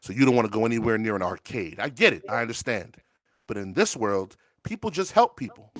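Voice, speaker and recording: A man's voice: lowish voice, animated, fairly quick, dry recording. A man hosting a show, talking in casual, profane, joking rants. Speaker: show host. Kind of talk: casual podcast banter.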